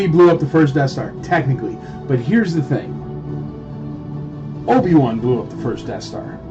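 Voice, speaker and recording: A man casually ranting with sarcasm while selling at a live auction, mocking others through quick quoted asides. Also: fairly high pitch, muffled recording.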